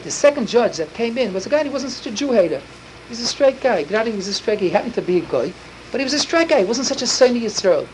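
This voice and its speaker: Fast-talking man telling a story with inflection. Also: very high-pitched, very animated, darkish tone, slight background noise, rough recording. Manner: rapid, breathless, full of Yiddish and Hebrew words. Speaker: storyteller for children. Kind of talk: animated storytelling.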